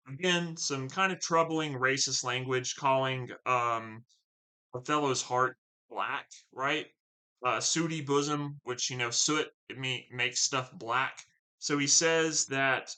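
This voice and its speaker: A man's voice: medium pitch, pushed and bright, low-quality recording. A man teaching a play, reading passages aloud and explaining them casually with lots of fillers and "right?".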